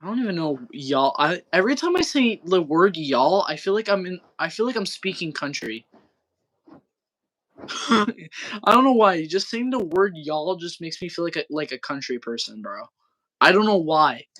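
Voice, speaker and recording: On a livestream, a young man from Wisconsin in the US Midwest rambles as co-host, swearing heavily, using plenty of slang, and repeatedly saying bro. His voice is fairly high and fairly bright.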